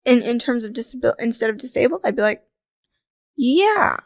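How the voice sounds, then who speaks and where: A young adult woman chatting as a podcast guest, telling lively stories, acting out quoted voices and laughing often. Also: fairly high pitch, fast talker, gravelly, dry recording, studio quality. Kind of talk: casual conversational interview.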